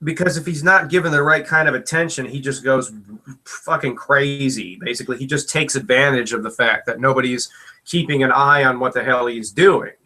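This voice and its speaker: A man's voice: medium pitch, moderate pace, bright, forceful tone. A man co-hosting a casual chat, talking bluntly with plenty of swearing, sometimes with food in his mouth. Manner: blunt, profane ranting; chats while eating. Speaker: co-host.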